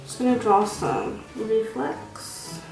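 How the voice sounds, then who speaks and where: A woman's voice: fairly high pitch, lively intonation, slow, over music. A young woman in her twenties chatting casually while doing her makeup for a get-ready-with-me vlog, rambling and poking fun at herself. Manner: chatty, rambling, self-mocking. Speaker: beauty vlogger. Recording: very echoey room, from far off.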